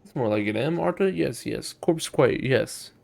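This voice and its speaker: A man's voice: medium pitch, expressive, normal speed, gravelly. A man voicing an elderly, sour, batty woman who mutters to herself in a sing-song way. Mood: muttering.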